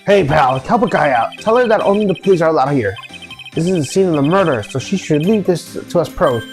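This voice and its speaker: A woman doing a bumbling gruff male cop. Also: deep voice, expressive, a little fast, a little mellow, faint music behind. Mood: blustering. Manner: blustering, says "pal" a lot, flustered.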